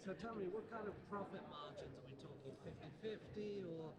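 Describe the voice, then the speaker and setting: A man hosting a podcast, asking brisk, offhand questions and directing his guest in a casual interview at an indoor art fair. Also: high voice, lively intonation, crowd noise.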